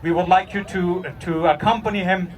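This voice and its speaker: Rally emcee, male, high voice, halting and earnest, picked up from a distance with faint street noise outdoors. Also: fairly even intonation. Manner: earnest, halting with many fillers.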